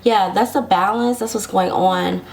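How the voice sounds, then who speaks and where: A woman's voice: mid-range voice, steady tone, measured pace, creaky, darkish tone, a little hiss or hum. Sassy, chatty woman tarot reader. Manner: sassy, chatty, laughs often; speaks directly to viewers, reassuring. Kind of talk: casual tarot love reading to camera.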